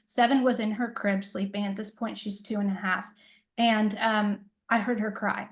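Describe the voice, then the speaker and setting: Through rough recording quality comes a medium-pitched voice with fairly even intonation and a normal speed. The speaker, a middle-aged intuitive coach in a casual interview, rambles through a personal anecdote with many fillers and acts out what others said.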